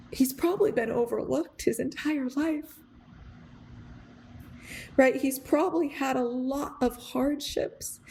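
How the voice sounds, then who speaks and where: A young adult woman on her podcast tells a reflective story, her high-pitched voice mellow and touched with vocal fry, with slight background noise present. She rambles earnestly, filling her speech with fillers and restarts, and grows emotional, near tears.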